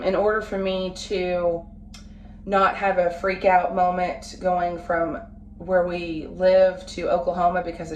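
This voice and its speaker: A woman in her late twenties, a family vlogger talking casually to the camera at home, halting and full of fillers and restarts. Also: fairly low pitch, a little mellow. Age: late 20s. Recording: roomy, from a distance, faint background noise.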